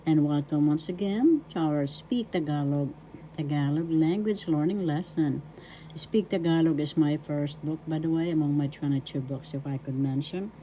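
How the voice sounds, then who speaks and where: A woman's voice: low-pitched, moderate pace, warm tone, slight background noise, low-quality recording. A middle-aged woman from the Philippines, giving a spoken language lesson and repeating each word syllable by syllable. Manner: repeats words and spells them out syllable by syllable. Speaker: language teacher.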